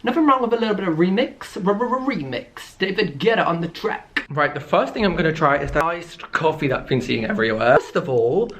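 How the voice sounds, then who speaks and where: A man's voice: fairly high pitch, expressive, brisk, few pauses, a bit bright, a little hiss or hum. A young British man vlogging at home in a playful, camp, joking manner, often breaking into silly sung bits. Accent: British English. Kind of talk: casual comedic vlog.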